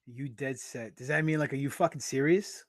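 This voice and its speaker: An American pro wrestler appears as a guest in a casual interview chat, brash and joking and swearing freely. His voice is medium in pitch at a normal speed, recorded at studio quality with no echo.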